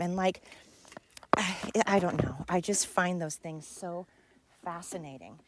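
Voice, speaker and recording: A young woman, hosting her podcast in a chatty, excitable ramble while out of breath from walking uphill outdoors. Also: lowish voice, unhurried, no room sound. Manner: chatty, excitable, says frickin' a lot. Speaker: podcast host. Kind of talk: casual rambling monologue.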